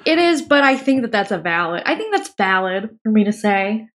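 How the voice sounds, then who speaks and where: A woman's voice: medium pitch, big pitch swings, moderate pace, noisy background. A woman co-hosting a casual film podcast, who talks in a playful, self-mocking way and giggles often. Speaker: podcast co-host.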